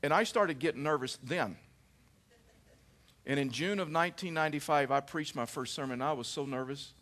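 Speaking at a medium pitch, this middle-aged pastor shares a personal anecdote from the pulpit. His delivery is lively, and he keeps starting his phrases over.

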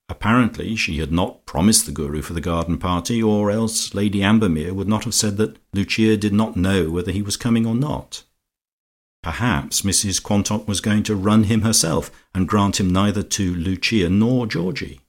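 A man narrating an audiobook in a measured, steady storytelling manner. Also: low-pitched. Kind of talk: audiobook reading.

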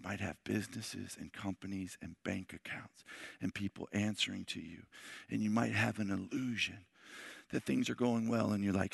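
A man preaching to a men's Bible study in an impassioned way, moving from shouts to hushed words. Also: lowish voice, steady tone, moderate pace, vocal fry, slightly rough, dry recording, studio quality. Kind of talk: sermon.

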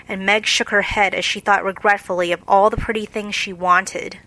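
A woman narrating an audiobook in a measured storytelling manner. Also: mid-range voice, level tone, bright, forceful tone, dry recording, rough recording. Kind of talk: scripted narration.

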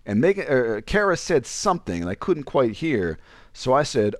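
A man's voice: brisk, dry recording, clean studio sound. A young man casually telling a personal story on a podcast, acting out the lines of the people in it. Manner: animated, acts out quoted lines with pitch jumps.

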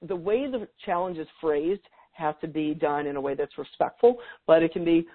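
A man's voice: fairly high pitch, moderate pace, narrow, tinny audio. A middle-aged man talking as a guest expert in a podcast interview, chatty, with frequent restarts and easy laughs.

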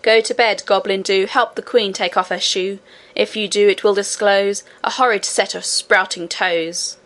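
A woman's voice: medium pitch, steady tone, moderate pace, a bit bright, lightly acted. A woman voicing a cheeky, defiant miner boy. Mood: taunting song. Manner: cheeky, taunting sing-song.

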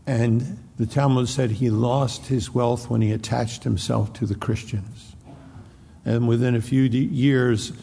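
Male preacher with a gravelly, husky voice, retelling scripture in a reverberant hall. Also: mid-range voice, warm tone. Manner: storytelling, frequent restarts, acts out quotes. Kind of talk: expository sermon.

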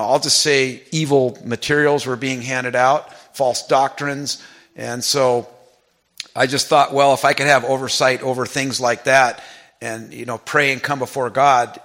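A man's voice: medium pitch, fairly bright tone. A man who founded a prison ministry, telling its story in an interview in an earnest, rambling way full of "you know" asides.

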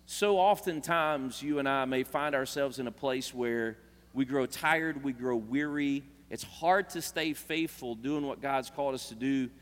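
A man's voice: mid-range voice, measured pace, a bit bright. A man preaching a sermon in an earnest, conversational way, often restarting his words. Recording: long reverb of a large hall.

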